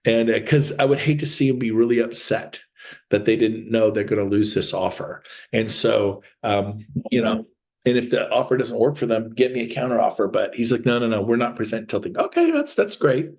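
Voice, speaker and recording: A man's voice: lowish voice, fairly even intonation, normal speed, creaky, a little mellow. A man giving a sales training talk as a real estate coach, telling stories with energy and acting out phone calls.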